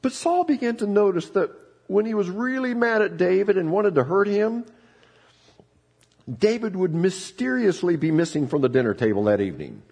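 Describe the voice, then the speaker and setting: A middle-aged man preaching a sermon, telling the story in an animated way with frequent restarts. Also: high voice, moderate pace, gravelly, slightly rough. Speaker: pastor.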